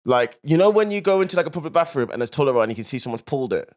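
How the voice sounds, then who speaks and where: A man's voice: medium pitch, very animated, very fast. A young man with a Birmingham accent, a comedian chatting casually on a podcast in a playful, teasing way.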